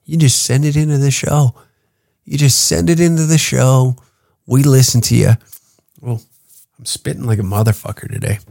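A man's voice: mid-range voice, fairly even intonation, normal speed, gravelly, long pauses, darkish tone, no room sound. Brash guy hosting a comedy podcast, swears a lot, dry close sound. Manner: brash, profane, mock-therapeutic. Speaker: podcast host. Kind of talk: casual comedy podcast rant.

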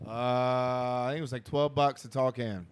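A man's voice: medium pitch, steady tone, moderate pace. A man casually telling a rowdy story to friends, swearing a lot, acting out voices and laughing as he goes. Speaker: podcast co-host telling a story.

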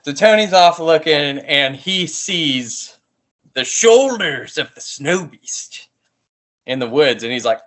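A man's voice: fairly high pitch, expressive, slow pace, a bit bright. A man casually recapping a movie with a co-host, laughing often and swearing freely. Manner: laughs often, swears, retells scenes in acted quotes. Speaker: podcast co-host.

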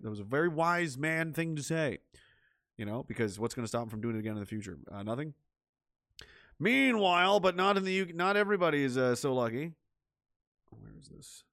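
A man's voice: mid-range voice, animated, a little fast, a bit bright, no echo, studio quality. A middle-aged man giving ranting, sarcastic political commentary on a livestream and reading out chat messages, with lots of profanity and scorn.

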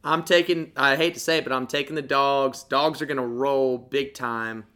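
A man's voice: medium pitch, steady tone, moderate pace, pushed and bright, clean tone. A man co-hosting a podcast, emphatic and crude-humored as he talks sports bets. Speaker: podcast co-host. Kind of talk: casual sports betting chat.

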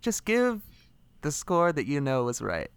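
Deadpan man, close dry sound. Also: on the high side, measured pace, smooth, no room sound. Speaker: co-host. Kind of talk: casual comedy podcast banter.

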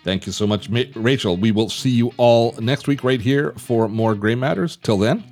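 A man's voice: medium pitch, normal speed, a little mellow, faint music behind. A middle-aged man co-hosting a podcast, talking in a rambling way with restarts and dry jokes. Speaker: podcast co-host. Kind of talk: casual chat.

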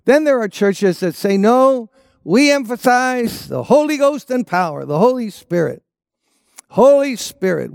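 A man's voice: high-pitched, a little mellow, dry recording, clean studio sound. A man preaching a sermon as a pastor, emphatic and repeating his key phrases.

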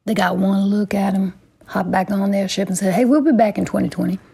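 A woman hosting a comedy show, trading deadpan banter and puns. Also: mid-range voice, brisk, gravelly, slightly rough. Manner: deadpan, punning.

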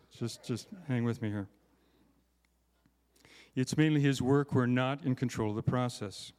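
A man's voice: medium pitch, a little mellow, long reverb tail. A man giving a conversational, self-deprecating sermon at a conference, often checking in with "right?" asides. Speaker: conference speaker.

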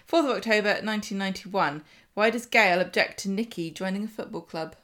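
A woman's voice: mid-range voice, a little fast, fairly bright tone. A woman co-hosting a podcast, reading quiz questions in casual chat and giggling often. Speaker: podcast co-host, quizmaster.

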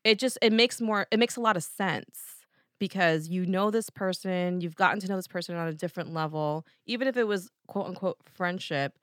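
A woman with a New Jersey accent talks casually as a podcast co-host, her voice bright and forceful. She thinks out loud, circling back with lots of "you know." The sound is dry and close, with no room echo. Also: fairly low pitch, fairly quick. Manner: chatty, thinks aloud with many "you know" fillers. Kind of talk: casual chat.

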